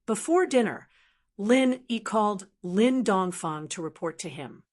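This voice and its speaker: A woman narrating a translated fantasy novel as an audiobook in an even, steady storytelling manner. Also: mid-range voice, unhurried. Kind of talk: scripted narration.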